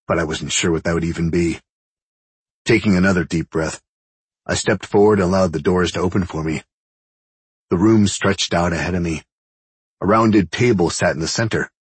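Deep husky male narrator, dry close sound. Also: no room sound. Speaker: audiobook narrator. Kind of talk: first-person scripted narration.

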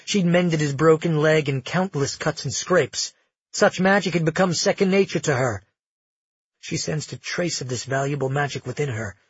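A man narrates an audiobook in a measured, dramatic way, his voice husky and a little high. The recording is dry, dull, and lo-fi, with no room sound.

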